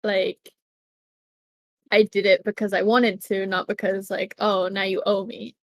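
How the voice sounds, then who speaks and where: A woman's voice: medium pitch, level tone, a little slow, dry recording. A woman chatting on a podcast, candid and blunt, with lots of "like" fillers. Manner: candid, blunt, uses "like" a lot. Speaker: podcast co-host. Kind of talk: casual podcast chat.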